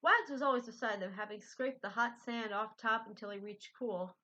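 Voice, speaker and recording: Bright-voiced woman reading a storybook. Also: a little high, normal speed. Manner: gentle, unpolished, self-correcting. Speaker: storybook reader. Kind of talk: reading a children's book aloud. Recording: dull lo-fi recording.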